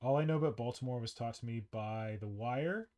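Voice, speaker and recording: A man's voice: mid-range voice, brisk, mellow. A man from Toronto, hosting a casual, joking chat show. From Toronto, Canada. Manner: joking, chatty. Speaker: podcast host.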